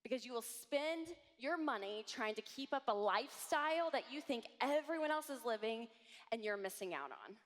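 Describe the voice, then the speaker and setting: A woman in her thirties giving an animated conference talk to a live audience, acting out voices as she tells stories. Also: a little high, normal speed. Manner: animated, acts out quoted voices. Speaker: conference speaker. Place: large hall with audience. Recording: long hall reverb.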